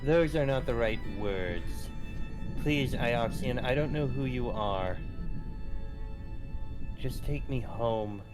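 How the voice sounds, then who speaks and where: A homesick laborer from a video game, played by a man, talking in a plain, earnest way with a mid-range voice. Game music plays clearly behind him. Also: medium pitch, slow, pauses often, close to an everyday voice. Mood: pleading. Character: homesick male laborer pleading to go home.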